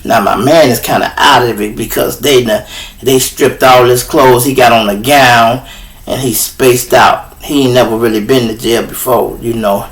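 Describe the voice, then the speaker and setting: A man with a Chicago accent telling a true story to his viewers in a casual, animated way, swearing freely and acting out the voices of others. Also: medium pitch, normal speed. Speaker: storyteller host.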